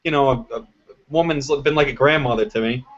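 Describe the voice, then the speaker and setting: A man's voice: mid-range voice, brisk. A man hosting a casual political chat over a video call, talking in an emphatic, opinionated way. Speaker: host. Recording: dull lo-fi call audio.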